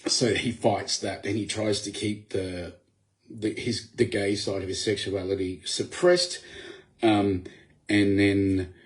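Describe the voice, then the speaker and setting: A man, an author, talking casually on a late-night live video chat, rambling with many fillers and restarts in a gravelly voice. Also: fairly even intonation, takes it slowly. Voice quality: gravelly, low voice. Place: home at night. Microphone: computer or phone for live video.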